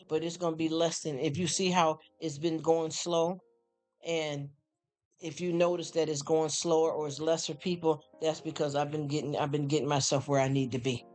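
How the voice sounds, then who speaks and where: This streamer's voice runs a little high and slightly mellow. Speaking directly to his chat over soft background music, he calls them honey and y'all, rambling warmly while he stammers and repeats himself.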